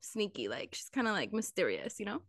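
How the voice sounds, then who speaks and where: A woman's voice: medium pitch, a little fast, creaky, no echo, studio quality. A woman co-hosting a podcast, chatting casually and giggling as she tells stories. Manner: giggly, animated storytelling. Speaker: podcast co-host. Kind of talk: casual chat.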